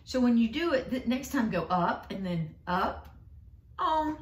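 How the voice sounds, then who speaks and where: A woman reading teacher tutoring one-on-one, explaining slowly and clearly and encouraging her student. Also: on the high side, expressive. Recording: echoey room.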